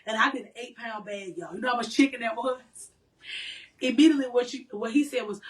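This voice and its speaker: A woman's voice: fairly high pitch, fast talker, distant mic, poor audio. Teasing woman co-host, a bit off-mic. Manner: playful, teasing, laughs often. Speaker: podcast co-host. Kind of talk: casual banter with spouse.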